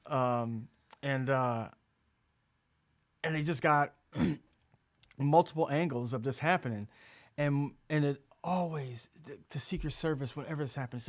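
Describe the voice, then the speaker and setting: A man's voice: medium pitch, measured pace, long pauses. A man hosting a casual livestream chat, rambling and joking loosely. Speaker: host.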